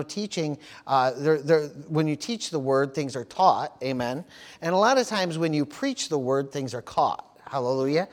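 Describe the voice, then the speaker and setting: A man with a fairly high-pitched voice preaches as pastor during a church service. He keeps stopping for amen, praise the Lord and hallelujah, and he repeats words throughout.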